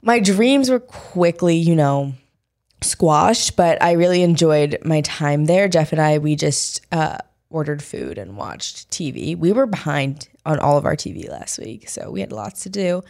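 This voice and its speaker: A young woman co-hosting a podcast, chatting casually in slangy, expressive talk and swearing freely. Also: low voice, measured pace, creaky. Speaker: podcast co-host. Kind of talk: casual chat.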